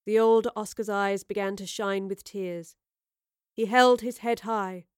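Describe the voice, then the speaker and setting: A woman narrating a story with a steady, expressive delivery. Her voice is smooth and clear, recorded close and dry with no room sound. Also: medium pitch, a little slow, no room sound. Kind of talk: scripted narration.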